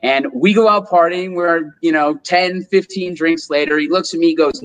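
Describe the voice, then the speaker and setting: A man in his twenties from upstate New York, an interview guest telling a long personal story in a lively, animated way. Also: on the high side, moderate pace, few pauses, low-quality recording. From Rochester, New York, US. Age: 20s. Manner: animated storyteller, acts out quotes. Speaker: guest, solar business owner.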